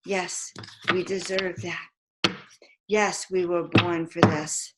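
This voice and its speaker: A woman's voice: on the low side, level tone, takes it slowly, over loud music, rough recording. Woman leading spirited affirmations. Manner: emphatic, chanting affirmations, calls and responses. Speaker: spiritual teacher and card reader. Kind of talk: live motivational talk with affirmations.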